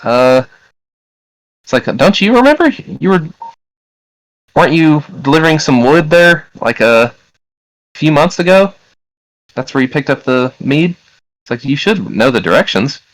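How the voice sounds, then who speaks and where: A sweet, doting mother of a snowy cabin, her voice pushed up high and bright, as a man puts her on. She talks in a caring, slightly puzzled way, calling everyone honey. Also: lively intonation, unhurried, long pauses, rough recording. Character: cheerful motherly woman in a cabin.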